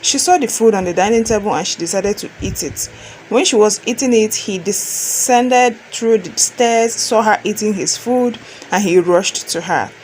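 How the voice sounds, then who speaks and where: Nigerian woman storyteller, plain steady narration, mid pitch, faint noise behind. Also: moderate pace, poor audio.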